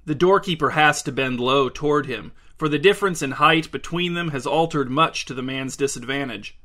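A man reading literary short stories aloud in a measured, deliberate way. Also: fairly high pitch, sharp tone. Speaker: reader.

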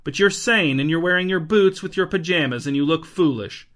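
A man's voice: fairly high pitch, fairly quick, a bit bright, pitched above the performer's own voice, lightly acted. A man voicing a dry, blunt adult queen who sounds unimpressed, in a storybook reading.

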